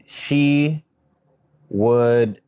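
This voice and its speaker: Chill young guy on a couples podcast, easygoing jokes, middle pitch. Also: extremely slow, mellow, clear, resonant tone. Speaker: podcast co-host. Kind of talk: casual chat.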